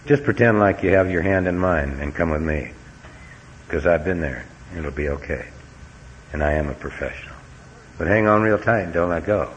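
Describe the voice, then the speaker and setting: Speaking at a normal speed in a low voice, a middle-aged recovery meeting speaker shares a heartfelt, homespun talk with touches of dry humor. Faint hiss runs under the dull, lo-fi audio.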